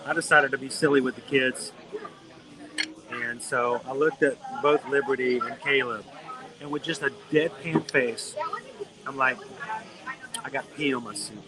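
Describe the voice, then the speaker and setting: Middle-aged man, casual live-stream storyteller, animated and playful, busy crowd around. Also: medium pitch, unhurried, pauses often, low-quality recording. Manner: animated, playful anecdote-telling. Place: outdoors in a busy theme park. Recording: busy crowd noise behind. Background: crowd, park sounds.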